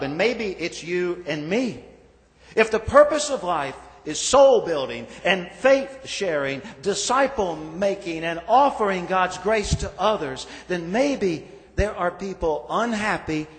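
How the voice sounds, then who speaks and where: A male pastor preaching a sermon, slow and measured, stressing lists of words with falling endings. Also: high-pitched. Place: church sanctuary. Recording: reverberant church sanctuary.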